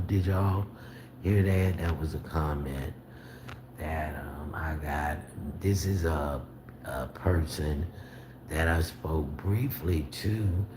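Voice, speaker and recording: A man with a very low voice talks slowly and casually to his livestream viewers, answering their comments and bristling when he pushes back. His voice rings in an echoey room, with steady background noise underneath. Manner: slow, drawling, gets indignant replying to comments. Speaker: livestream host.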